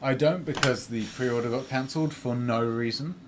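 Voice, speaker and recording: A man's voice: mid-range voice, normal speed, noisy background. Man explaining his views at length. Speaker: co-host. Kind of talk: casual livestream chat.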